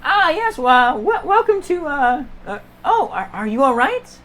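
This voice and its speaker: A woman's voice: high voice, big pitch swings, a little slow, fairly bright tone, voice pushed up, heavily acted. A woman doing a flustered, stammering shop clerk. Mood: startled. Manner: startled, stammering greeting. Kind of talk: tabletop role-play.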